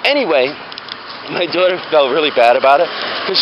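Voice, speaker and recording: A man's voice: fairly high pitch, animated, fairly quick, long pauses. A middle-aged man telling a funny story in a casual, rambling way, full of fillers. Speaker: vlogger. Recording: muffled with loud background noise.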